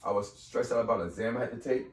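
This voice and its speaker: Talking very fast at medium pitch, a man in his fifties tells a personal story as a podcast guest in casual conversation. He's animated, performing the voices of the people in his tale. An echoey room and faraway mic shape the recording.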